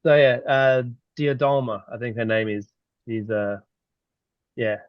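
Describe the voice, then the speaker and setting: A man's voice: mid-range voice, a little slow, dry recording. Hesitant man, dry muffled audio. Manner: hesitant, full of fillers. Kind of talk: casual conversation. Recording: dry, dull lo-fi sound.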